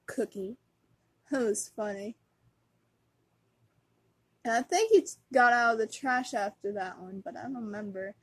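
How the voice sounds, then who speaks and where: A woman's voice: fairly high pitch, lively intonation, moderate pace, pauses often, slightly rough. A woman vlogger chatting casually as a fan, giggly and rambling, with lots of fillers.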